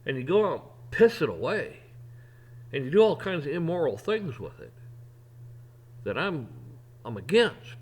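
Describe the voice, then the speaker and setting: A man's voice: a little high, big pitch swings, a little slow, long pauses, a little mellow, slightly rough. A man hosting his own opinion show, ranting bluntly with profanity and repeated restarts. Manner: repeats words and restarts when worked up. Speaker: podcast host. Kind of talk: opinion rant.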